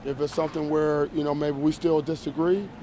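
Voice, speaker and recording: A man answering reporters as a college football head coach after a game, measured and emphatic, often restarting and repeating phrases. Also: on the high side, flat delivery, noisy background. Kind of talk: post-game press conference.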